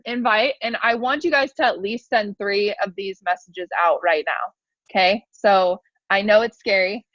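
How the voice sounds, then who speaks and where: A woman's voice: mid-range voice, a bit bright, no echo, muffled recording. A young woman giving casual, upbeat coaching advice to a new team, speaking in a chatty way full of "like" fillers.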